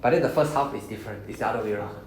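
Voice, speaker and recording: A man's voice: lowish voice, racing, roomy sound, slight background noise, rough recording. A man with a Singaporean English accent teaching a beginner Japanese class, explaining patiently and checking in with "right?" after each point. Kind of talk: classroom lesson.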